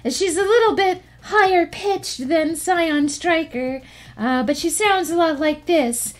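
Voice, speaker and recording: A woman voicing a cute, sweet young female dwarf barbarian in a high, sugary, princess-like voice. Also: takes it slowly.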